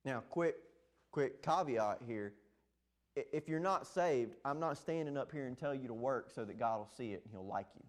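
A man preaching a sermon as pastor, emphatic, with sharp rises and drops in his voice. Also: mid-range voice, lively intonation, normal speed. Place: church sanctuary.

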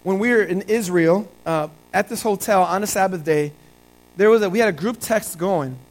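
High-voiced man preaching a sermon. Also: normal speed, rough recording. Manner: storytelling, conversational preaching. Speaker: pastor.

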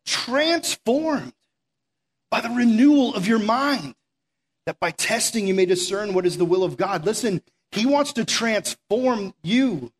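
High-voiced man preaching casually. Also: slightly rough. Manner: conversational, animated, slows down to stress key words. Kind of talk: casual sermon.

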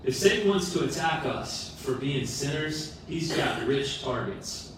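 A middle-aged man preaching a sermon as a pastor, earnest and animated, with self-deprecating humor. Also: medium pitch, unhurried, a little hiss or hum. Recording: roomy echo from far off the mic.

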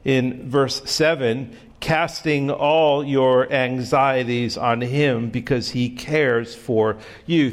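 A man preaching a sermon, measured and deliberate, often repeating phrases as he goes. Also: fairly high pitch. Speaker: pastor.

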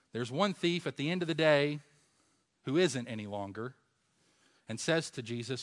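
A man preaching a sermon, asking rhetorical questions and swinging from a hush to loud emphasis. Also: mid-range voice, moderate pace, pauses often.

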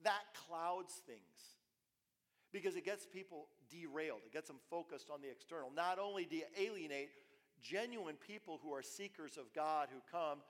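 A male pastor delivering a sermon in a fairly high voice, swinging from emphatic bursts to hushed asides and repeating himself as he builds a point. His words ring out with a long reverb through a church hall. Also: moderate pace. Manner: animated preaching with repetitions and sudden soft drops.

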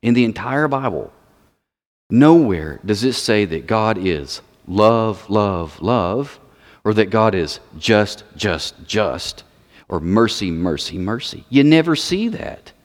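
Low-voiced man preaching in a big hall. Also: expressive, takes it slowly. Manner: emphatic, repeats words for stress. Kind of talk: sermon. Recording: long reverb of a large hall.

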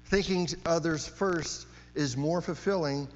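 A man's voice: fairly high pitch, a little slow. A man preaching a sermon, emphatic, repeating key phrases and often asking "right?" to his listeners. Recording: long hall reverb, dull sound, mains hum.

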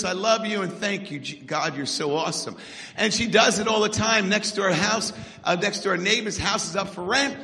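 A middle-aged man preaching a sermon with energetic call-and-response, in a church hall. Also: sits high. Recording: echoey hall.

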